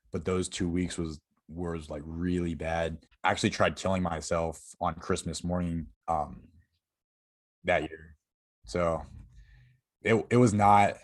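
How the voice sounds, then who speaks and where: A young man from Florida, a podcast guest, candidly telling a personal story with halting restarts and many fillers. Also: sits low.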